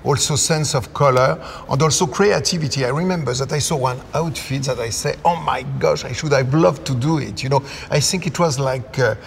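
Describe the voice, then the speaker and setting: A man's voice: mid-range voice, a little fast, creaky, few pauses. A man chatting in an interview, enthusiastic and rambling. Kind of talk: casual interview chat. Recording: faint noise in a reverberant hall.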